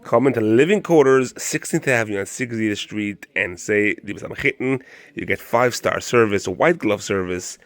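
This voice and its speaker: A man's voice: fairly low pitch, moderate pace, hardly any pauses, dry recording. A man, walking through a furniture showroom and eagerly praising the sofas and prices for a promotional video. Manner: enthusiastic, repeats "beautiful", mixes in Yiddish words. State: out of breath on the stairs. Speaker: show host doing a store promotion. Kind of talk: walkthrough sales pitch.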